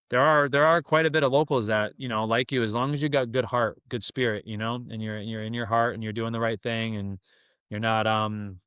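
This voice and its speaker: A young man telling a story in a casual, animated way, full of slang like "man" and "dude". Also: on the low side, clear, resonant tone, dry recording, clean studio sound. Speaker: guest.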